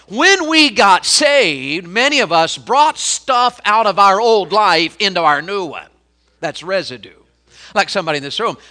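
A middle-aged man delivers a sermon with a bright, ringing tone set a touch high. He tells homespun stories, pushing some words out loudly and dropping others to a near hush. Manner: folksy storytelling, swings from loud emphasis to quiet intensity. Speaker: pastor.

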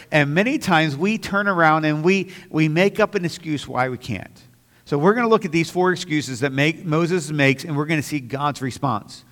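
Preaching a sermon as pastor, a man speaks earnestly and at times emphatically, with a slight stammer on some words and small restarts. His voice is fairly high and a bit bright, heard in a big-room sound.

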